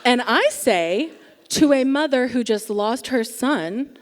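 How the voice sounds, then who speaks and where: A young woman with a slightly high voice spins a wry, self-mocking story from a theatre stage. She takes her time, leaning on deliberate pauses for comic effect. Her voice carries a long reverb off the big hall around her. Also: expressive. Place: theatre stage before a live audience.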